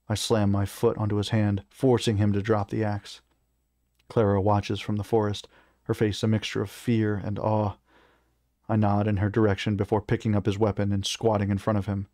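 Man, lowish voice, dry close sound, first-person fiction reading, measured. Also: monotone, mellow, dry recording. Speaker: reader.

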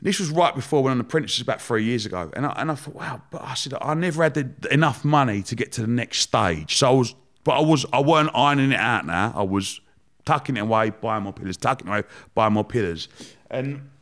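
A man, a podcast guest telling his story in a lively, slangy, chatty way. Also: medium pitch, fast talker. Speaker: guest, entrepreneur. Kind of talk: casual storytelling.

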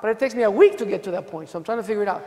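High-voiced man telling courtroom stories. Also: rapid-fire. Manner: animated, casual, full of asides. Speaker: defense lawyer presenting at a legal conference. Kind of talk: storytelling conference talk. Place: hotel ballroom. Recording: long echo of a large hall.

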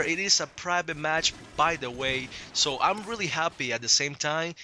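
Bright-voiced hyped young man with an accent. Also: a little high, normal speed, few pauses, a little hiss or hum. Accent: non-native English accent. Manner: hyped, slangy, swears freely. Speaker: gaming channel host. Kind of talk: casual gameplay commentary.

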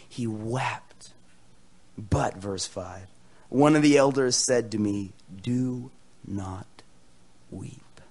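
A young American man preaching a sermon, joking with the crowd, swinging between loud proclamations and hushed near-whispers. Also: medium pitch, slightly rough. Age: young adult. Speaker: pastor. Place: church hall with a live audience.

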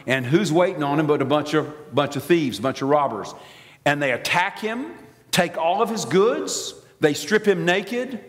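A preacher with a Southern American accent tells his story with lively, theatrical energy. His voice sits somewhat high and leaps up and down as he acts out the scene. The sound carries a long reverb from a large church sanctuary. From Alabama. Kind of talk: sermon.

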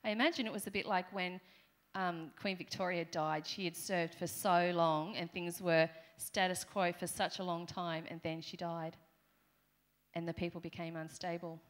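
A middle-aged Australian woman preaches a conversational sermon in a church hall, aiming playful asides at the congregation. Her voice is lowish and her tone steady, and she keeps a moderate pace.

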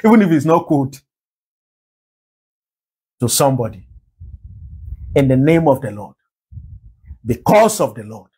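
A man's voice: mid-range voice, sing-song, a little slow, long pauses, warm tone, husky, rough recording. A man with a Nigerian English accent preaching a sermon as pastor, repeating phrases and firing rhetorical questions. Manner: emphatic rhetorical questions, repetition.

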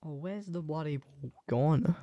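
A young man commentating a live game, switching between muttered asides and sudden excited shouts. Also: on the high side, a little slow, no room sound, muffled recording. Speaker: sports commentator.

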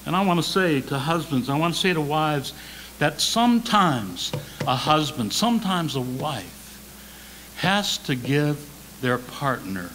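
A man preaching a sermon as associate pastor, swinging between loud emphasis and soft, near-whispered lines, repeating key words slowly. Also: a little high, big pitch swings, slight background noise, rough recording. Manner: slow deliberate preaching with repetition. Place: church sanctuary.

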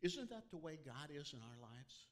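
A male pastor preaching a sermon, talking straight to the congregation and swinging from loud emphasis to hushed whispers. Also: a little high, big pitch swings, moderate pace. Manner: conversational, addresses the congregation directly.

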